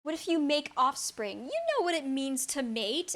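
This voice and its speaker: A young adult woman streamer chatting casually with her viewers, incredulous and stammering, quick to laugh. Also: sits high, lively intonation, a bit bright.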